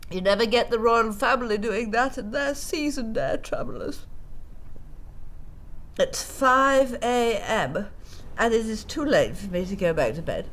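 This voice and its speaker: A woman's voice: on the high side, expressive, measured pace, a bit bright, slight background noise. An actress playing a self-pitying, middle-aged English widow reading out her letter, sighing and fussy, with an English accent. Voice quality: melodramatic, sighing, fussy and prim.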